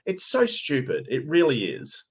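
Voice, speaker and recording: A man's voice: on the high side, wildly swooping pitch, unhurried, gravelly, breathy edge. A man in casual chat, blunt and sardonic, with a lot of swearing. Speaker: co-host reviewer.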